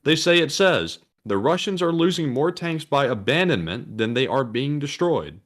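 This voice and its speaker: A man co-hosting a livestream reads viewer messages aloud in an even, ordinary voice. He is relaxed, sometimes tripping over a word before he carries on. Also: mid-range voice, normal speed. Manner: plain, reads out messages, stumbles over words. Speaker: co-host reading viewer messages. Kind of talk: casual livestream chat.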